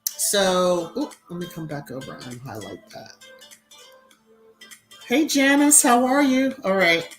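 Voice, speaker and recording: A woman hosting a casual live stream, chatting and greeting viewers by name between relaxed asides. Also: fairly low pitch, takes it slowly, pauses often, faint music behind.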